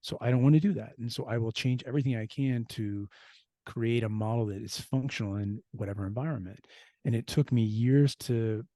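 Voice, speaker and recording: A man from the United States, a former US Marine and security expert, talks as an interview guest in an earnest, reflective way, restarting his sentences often. His mid-range voice is mellow and fairly quick, on a dry recording, in a casual interview setting.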